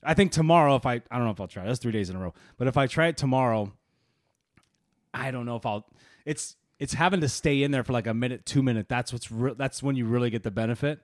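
A man co-hosting a casual podcast over beers, animated and laughing often, swearing freely. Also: medium pitch, fast, no room sound, studio quality. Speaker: podcast co-host.

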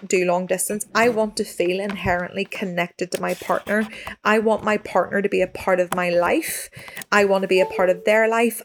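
A woman's voice: mid-range voice, a little hiss or hum. Woman in her 30s, podcast co-host, reflective and emphatic, mid-range voice. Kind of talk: casual chat.

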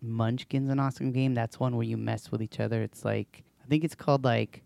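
A man with a gravelly, creaky voice co-hosts a podcast in easygoing, casual chat. He laughs often and talks freely. The recording is dry and close. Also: medium pitch, fairly even intonation, a little fast, a little mellow, dry recording. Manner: easygoing, laughs a lot, chatty. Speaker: podcast co-host.

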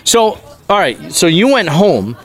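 Middle-aged man, podcast co-host, teasing banter, higher voice that swings around a lot. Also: a little slow, gravelly, faint music behind. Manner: teasing, animated. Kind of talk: casual chat.

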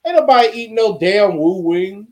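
High-voiced, laid-back male podcast co-host. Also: lively intonation, fairly quick. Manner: laid-back, dismissive, profane. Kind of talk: casual wrestling chat.

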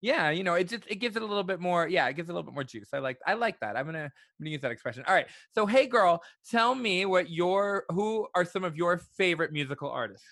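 Chatty male podcast host with a higher, bright voice and a dry close sound; casual, full of restarts. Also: expressive, rapid-fire, few pauses, dry recording. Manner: chatty, stammering restarts, laughs often. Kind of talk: casual interview chat.

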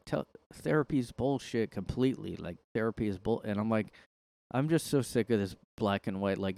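A man's voice: medium pitch, darkish tone. A man hosting his own podcast in a casual, rambling monologue, sarcastic and full of "like". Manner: rambling, sarcastic, heavy use of "like". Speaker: podcast host. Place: his room.

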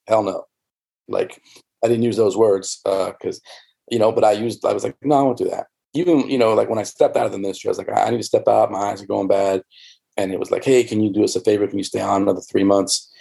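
A man's voice: fairly low pitch, vocal fry, dark tone, slightly rough. A man, an interview guest and former church member, recounting his experiences in a rambling, candid way with many fillers and restarts. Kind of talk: candid conversational storytelling.

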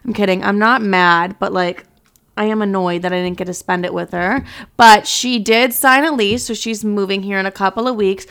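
A woman's voice: mid-range voice, normal speed, a bit bright, clear, resonant tone. A young woman in her twenties hosting her podcast from home, chatting casually and joking with lots of swearing. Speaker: podcast host. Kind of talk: casual chat.

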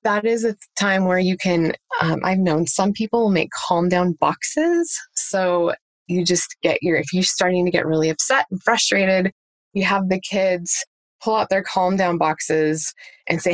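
A woman with a slightly low voice explains parenting techniques in an interview, practical and patient. She lays out each step with examples. The sound is dry and close, with no room around it. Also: moderate pace, dry recording. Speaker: parenting coach. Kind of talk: conversational interview answers.

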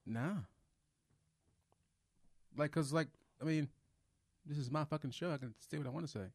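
A man's voice: fairly high pitch, normal speed, no room sound. A man hosting a podcast, speaking bluntly and in a laid-back way. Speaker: podcast host. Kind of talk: casual banter.

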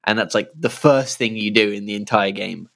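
A man's voice: on the low side, fairly even intonation, normal speed, gravelly, fairly bright tone. A man in a casual chat about a video game, chiming in with side notes and laughing often.

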